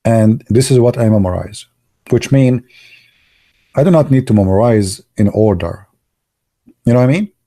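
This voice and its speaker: A man whose first language is Arabic, telling stories casually in broken English, excitable and laughing at his own jokes. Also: medium pitch, moderate pace, pauses often. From Arab world. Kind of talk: casual storytelling monologue.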